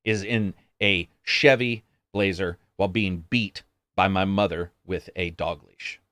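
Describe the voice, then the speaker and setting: A man's voice: low voice, a little slow, a bit bright, dry recording. Man, brash profane storyteller. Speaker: podcast co-host. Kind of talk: casual chat.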